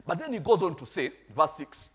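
A man's voice: on the high side, very animated, a little fast, fairly bright tone, slightly rough. A middle-aged man, preaching a storytelling sermon and checking in with his congregation. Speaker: pastor.

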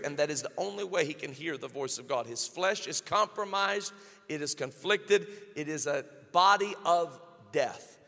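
High-voiced man preaching in a reverberant hall. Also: creaky. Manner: emphatic preaching, swelling to loud climaxes and dropping low. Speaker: pastor. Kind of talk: sermon.

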